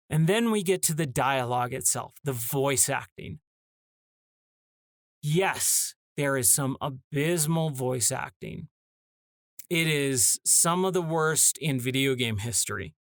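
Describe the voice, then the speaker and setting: A man with a somewhat high voice rants in casual talk, sounding exasperated and now and then mocking bits of dialogue. The sound is dry and close, with no room around it. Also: no echo. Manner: exasperated, ranting, mock-acts short dialogue snippets. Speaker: podcast host.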